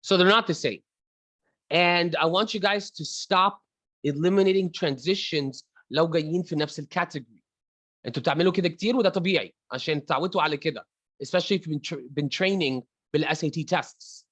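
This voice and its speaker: A man's voice: on the high side, rapid-fire, fairly bright tone, no echo, low-quality recording. Chatty Egyptian man teaching online. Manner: switches between English and Arabic mid-sentence; chatty, addresses students by name. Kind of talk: online class lecture.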